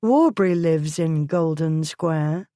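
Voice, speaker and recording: A woman's voice: low voice, slow pace, dark tone, no room sound, clean studio sound. A woman voicing a bold, headstrong young lady who speaks eagerly and with determination.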